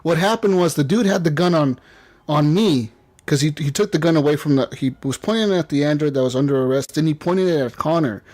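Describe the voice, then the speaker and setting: A man's voice: on the high side, brisk. A man on a casual gaming podcast, retelling what happened in his playthrough with plenty of fillers and acted-out quotes. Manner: animated storytelling, acts out quotes, many fillers. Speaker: podcast guest or host.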